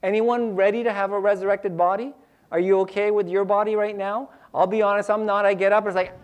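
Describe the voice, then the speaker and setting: A man's voice: high-pitched, fairly even intonation, fairly quick, clean tone. A man preaching a sermon, acting out little scenes with sound effects and repeating key lines for emphasis. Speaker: pastor.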